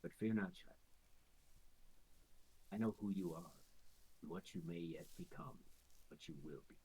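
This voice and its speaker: A man voicing a tiny, scheming female demon who speaks in a soft, coaxing, manipulative way, with a husky voice. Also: sits low, measured pace, pitched below the performer's own voice, full character voice, low-quality recording.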